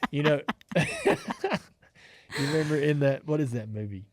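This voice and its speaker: A man's voice: on the high side, huge pitch swings, takes it slowly, no room sound, studio quality. A man co-hosting a podcast in casual chat, joking and retelling a movie scene. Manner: jokey, quoting movie scenes with playful outbursts. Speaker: podcast co-host.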